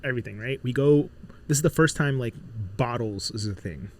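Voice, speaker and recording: A man from Miami in his thirties, a podcast guest telling lively stories in casual chat and acting out the voices of people he quotes. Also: medium pitch, brisk, a little hiss or hum. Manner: animated storyteller, acts out quotes.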